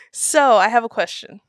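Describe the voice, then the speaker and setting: A woman hosting a casual movie chat, giggly and quick with reactions. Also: fairly high pitch, a bit bright, no echo, clean studio sound. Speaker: podcast host.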